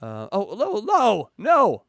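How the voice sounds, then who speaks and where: A man hosting a casual livestream, joking around and hyping donations in an excitable way. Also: high voice, takes it slowly, vocal fry, dry recording, clean studio sound. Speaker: livestream host.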